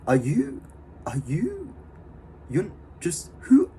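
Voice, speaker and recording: A man vlogging in a casual, excitable way, slangy and profane, with lots of fillers. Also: high-pitched, drawn-out words, slight background noise. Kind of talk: casual talk to camera.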